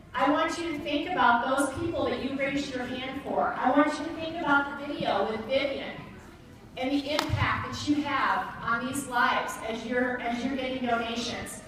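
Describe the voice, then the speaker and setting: A woman giving an upbeat, coaxing motivational talk to schoolchildren at an assembly. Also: sits high. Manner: upbeat, coaxing, addresses kids directly. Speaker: youth market director at a school assembly. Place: large echoey school gym. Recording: echoey hall, distant mic, crowd noise.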